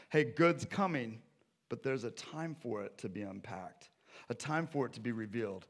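Male pastor, mid-pitched, preaching informally with sharp swings between loud and hushed. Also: lively intonation, normal speed. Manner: conversational, swings from loud urgency to quiet intensity. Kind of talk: sermon.

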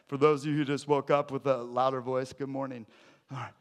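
A man preaching a sermon to a congregation, conversational and joking, swinging from loud emphatic lines to quiet, hushed ones. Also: medium pitch, level tone, brisk, clear, resonant tone. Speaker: pastor. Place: church sanctuary.

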